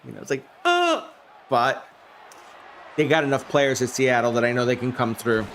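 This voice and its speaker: A man narrates a simulated game on stream in a fairly quick, fairly bright, medium-pitched voice with a steady tone, over slight hiss or hum. He pops up on big plays and keeps a loose conversation going with chat.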